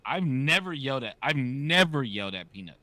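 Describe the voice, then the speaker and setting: A man's voice: medium pitch, fairly quick, no room sound. A man in his thirties hosting a podcast, chatting casually and acting out stories with quoted dialogue. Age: 30s. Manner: animated storyteller, acts out quoted dialogue. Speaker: podcast host. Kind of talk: casual chat.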